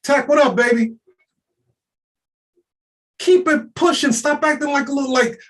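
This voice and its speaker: A man's voice: very high voice, a little slow, long pauses, a bit bright. A man giving an unscripted motivational rant, streetwise, profane and emphatic, often laughing. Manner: streetwise slang. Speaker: motivational speaker.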